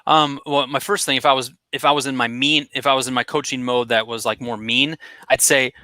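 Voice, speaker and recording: Bright, direct man coaching marketing. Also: mid-range voice, no echo. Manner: energetic, direct, coaching tone with quick asides. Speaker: marketing guest expert. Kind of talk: conversational coaching advice.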